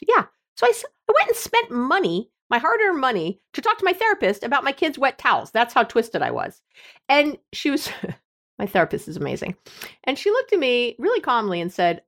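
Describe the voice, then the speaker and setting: A woman's voice: a little high, sing-song, moderate pace. A middle-aged woman, a relationship expert hosting her show, telling a story in a casual, self-deprecating way with many asides. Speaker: podcast host, relationship expert. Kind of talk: casual confessional monologue.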